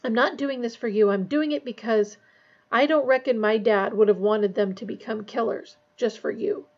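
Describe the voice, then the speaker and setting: A woman's voice: a little high, moderate pace, darkish tone, highs cut off. Harry Potter, breathless teen read by a woman. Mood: firm. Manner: breathless, pleading. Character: teenage boy wizard, earnest and stubborn.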